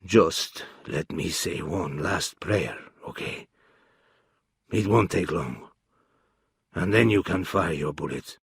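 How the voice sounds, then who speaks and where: A man voicing a hushed, husky villain. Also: sits low, takes it slowly, dry recording, clean studio sound, pitched below the performer's own voice, exaggerated voice. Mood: soft pleading. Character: cold, dangerous male assassin, middle-aged villain. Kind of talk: storybook reading.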